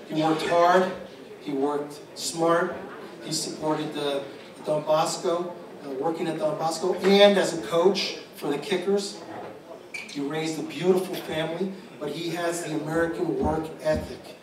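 A father gives a rambling tribute speech to an audience, restarting often and repeating words in a fairly high voice. It's a public speech at an event in a large, echoey room with people listening. The audio comes from a distant mic in the hall, so it's echoey with background noise.

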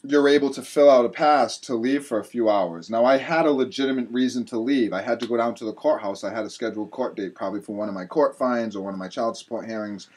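Casting: husky-voiced podcast guest from Rhode Island, animated storyteller, mid pitch. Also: male voice, quick pace, few pauses. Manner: animated, acts out other people's lines. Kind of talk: candid storytelling.

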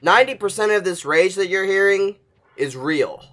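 A man commentating his own gameplay, cursing loudly in bursts and dropping to anxious muttering in between. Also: sits high, lively intonation, moderate pace. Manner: profane, swings from explosive yelling to anxious muttering. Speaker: gaming channel host.

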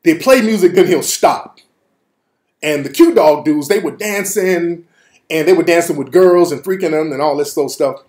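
Brief: lively, high-pitched male host telling funny stories, echoey room. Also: moderate pace. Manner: animated, profane, laughing. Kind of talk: comedic storytelling. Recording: roomy echo.

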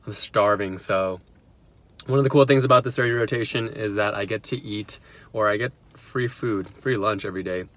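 Young man, low voice, casual phone vlog; relaxed, rambling, filler-heavy delivery. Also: moderate pace. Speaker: physician assistant student vlogger. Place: car and home. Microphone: phone held at arm's length.

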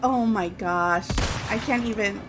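Speaking at a measured pace and medium pitch, a woman makes casual conversation with viewers during a gaming live stream. The recording is very noisy, and she seems apologetic and quick to be startled.

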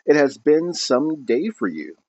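A man's voice: fairly high pitch, big pitch swings, measured pace, darkish tone, dry recording, full character voice. A man voicing a weary, formal old-world father. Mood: exhausted. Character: tired, gentle middle-aged father, a professor. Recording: dull lo-fi recording.

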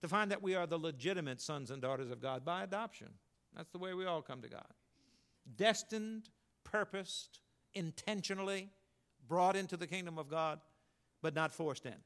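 Folksy preacher man, higher-pitched. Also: moderate pace, fairly bright tone, clean tone. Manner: folksy storytelling, rising to emphatic then dropping low. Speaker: pastor. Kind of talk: sermon.

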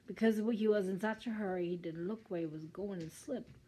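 A woman's voice: mid-range voice, fairly quick, mellow, breathy edge, poor audio. An older woman from Germany with a German accent, reading a children's story aloud with chatty asides. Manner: chatty asides between sentences.

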